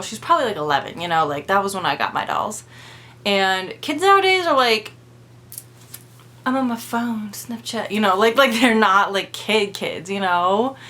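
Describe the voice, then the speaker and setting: Woman vlogger, chatty and gushing, bright clear tone, rambles with fillers, soft guitar underneath. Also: medium pitch. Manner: gushing and enthusiastic. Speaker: doll-collecting vlogger. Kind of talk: casual chat.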